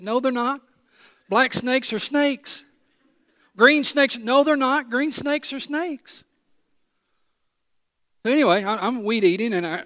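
A man preaching in a slightly high voice. He tells stories with a lot of animation, jokes at his own expense and hammers his points home by repeating them. The sound is close and dry. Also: no echo. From East Tennessee. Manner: animated storytelling, self-deprecating humor, emphatic repetition. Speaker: pastor. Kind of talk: sermon.

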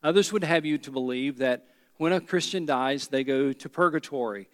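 A man's voice: medium pitch, normal speed, fairly bright tone, big-room sound. A pastor preaching a sermon, a man who drives points home by repeating key phrases.

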